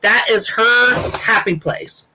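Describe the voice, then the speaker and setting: A woman's voice: on the high side, slow pace, background noise. A woman hosting a casual live show, talking in an emotional, rambling way with many fillers. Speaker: show host.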